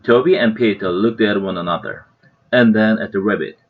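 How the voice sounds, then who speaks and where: Guy teacher reading an english kids book out loud, expressive, lo-fi sound. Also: on the low side, brisk. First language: Korean. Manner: expressive read-aloud with small slips. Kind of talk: reading a novel aloud for shadowing practice.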